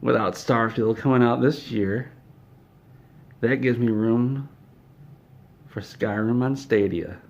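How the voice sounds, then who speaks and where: A man's voice: medium pitch, takes it slowly, creaky, long pauses, a little mellow. A man voicing an impression of a smug, domineering male game studio boss who mocks his staff. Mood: scheming. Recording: dull lo-fi recording.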